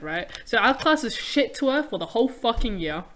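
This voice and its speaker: A woman's voice: fairly high pitch, very animated, brisk, fairly bright tone, a little hiss or hum. A young woman telling a crude school story to friends, swearing freely.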